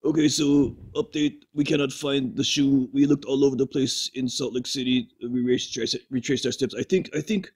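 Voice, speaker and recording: A man's voice: mid-range voice, flat delivery, moderate pace, a little mellow, husky, close to an everyday voice. A man voicing a whiny, childlike male turtle uncle who frets and jokes, recorded inside a car. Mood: glum. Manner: whiny, fretful, jokey.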